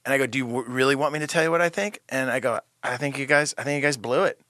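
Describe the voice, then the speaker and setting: A middle-aged man co-hosting a podcast, telling a family story in a lively way and acting out the quotes. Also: mid-range voice, racing, dry recording. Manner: animated storytelling, acts out quotes. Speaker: podcast co-host. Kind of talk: casual chat.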